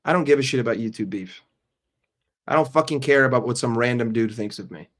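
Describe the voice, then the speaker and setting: A man hosting a live stream who answers his chat casually, speaking bluntly, swearing often and joking. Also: mid-range voice. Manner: blunt and profane, answers chat with quick jokes. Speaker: livestream host.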